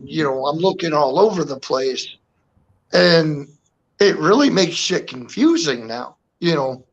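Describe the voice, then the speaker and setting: Host, male, fairly high voice, loose rambling talker, muffled lo-fi stream sound. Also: creaky, fairly bright tone. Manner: rambling, lots of "you know". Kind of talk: casual chat on a live stream.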